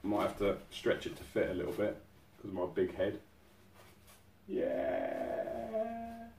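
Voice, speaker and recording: Low-voiced man unboxing, amazed. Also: wildly swooping pitch, slow, vocal fry, darkish tone, a little hiss or hum. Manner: chatty, easily amazed, exclaiming. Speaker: outdoors channel host. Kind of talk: casual unboxing commentary. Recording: roomy sound from a distant mic.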